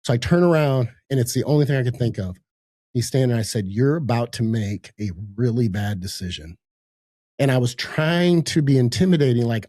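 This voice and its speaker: A man's voice: mid-range voice, expressive, normal speed, a little mellow, no echo. An older man talks through a video call from his office, telling a story in easy, profane podcast chat. He acts out the other people's lines and laughs through the tense parts. His voice sits mid-range and sounds dry and close. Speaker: podcast guest. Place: home office in a high-rise.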